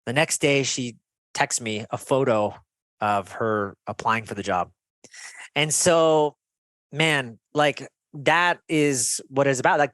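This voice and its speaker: An earnest man speaks as a podcast guest, urging listeners on in a motivational, storytelling way. His voice sits at a middle pitch. The sound is dry and close, with no room around it. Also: fairly bright tone, no room sound. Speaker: podcast guest, health coach. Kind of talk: conversational interview.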